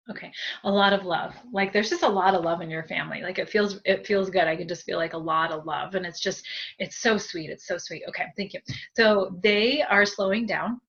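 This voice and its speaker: A woman medium giving a group reading in a gentle, chatty way, with many fillers and soft thank-yous. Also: mid-range voice, muffled recording. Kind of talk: spiritual reading, conversational.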